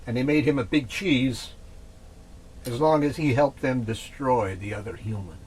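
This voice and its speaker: Radio co-host, man, eager, chimes in readily, mid-pitched voice with faint background noise. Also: moderate pace, a little mellow. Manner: eager, chiming in. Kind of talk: casual talk radio chat.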